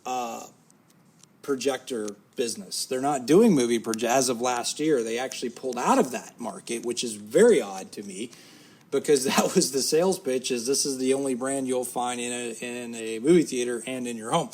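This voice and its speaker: A man's voice: medium pitch, normal speed, a little mellow. A man co-hosting a casual talk show, rambling and correcting himself as he jokes. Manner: rambling, self-correcting, joking. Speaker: podcast co-host. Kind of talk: casual chat.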